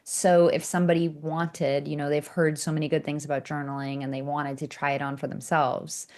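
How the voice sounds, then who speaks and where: A woman, an author and coach, telling candid stories as a podcast guest, animated and self-mocking, with sarcastic asides. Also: low-pitched, a little fast. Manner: acts out quoted dialogue in character voices. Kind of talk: candid conversational storytelling.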